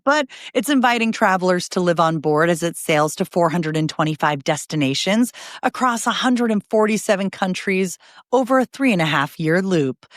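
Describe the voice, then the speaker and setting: News roundup woman, kinda low voice, brisk and chatty, dry studio sound. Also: dry recording. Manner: brisk, chatty asides between stories. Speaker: news podcast host.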